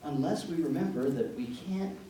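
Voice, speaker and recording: A man with a Canadian accent giving an informal talk to parents, a lively storyteller who acts out dialogue in changed voices. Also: a little high, moderate pace. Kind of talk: informal lecture with acted-out anecdotes. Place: meeting room, large and echoey. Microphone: room mic from a distance. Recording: echoey room from a distance, faint noise.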